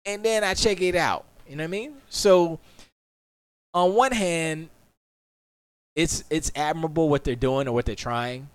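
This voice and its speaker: A man's voice: fairly high pitch, measured pace, long pauses, no echo. A man chatting casually on a live stream from his home studio, rambling and opinionated, often mocking what others say.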